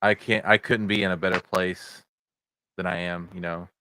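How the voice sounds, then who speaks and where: Deep-voiced, bright-toned host, sincere. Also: male voice, level tone, smooth, no echo, poor audio. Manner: sincere, halting, full of "you know". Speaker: podcast host. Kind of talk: casual conversation.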